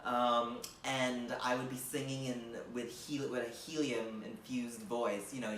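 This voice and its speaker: A man's voice: medium pitch, level tone, a little slow, hardly any pauses, fairly bright tone, reverberant, recorded from a distance, a little hiss or hum. A man doing a comedic monologue, rambling with lots of fillers and mock-gushing sarcasm.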